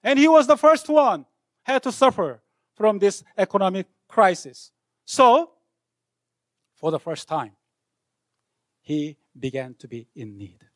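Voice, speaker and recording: Man, pastor, high voice, dramatic sermon, dry close sound. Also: big pitch swings, unhurried, long pauses, no room sound. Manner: dramatic, swinging from loud outbursts to hushed lines. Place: university chapel.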